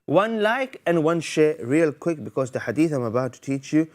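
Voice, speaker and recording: A man's voice: a little high, very animated, normal speed. A man hosting a live TV Quran lesson for children, playful and teasing, quizzing the viewers and mixing Arabic phrases into his English. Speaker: TV Quran teacher and host. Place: TV studio.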